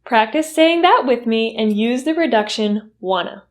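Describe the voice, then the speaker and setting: A woman with an American accent teaching a pronunciation lesson, speaking slowly and clearly and drilling phrases for learners to repeat. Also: a little high, animated.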